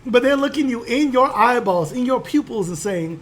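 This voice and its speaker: A man with a high voice runs a tabletop game, telling the scene in a loose, swearing, lively way. Faint noise sits under his voice. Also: normal speed. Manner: casual, profane, animated storytelling. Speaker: game master.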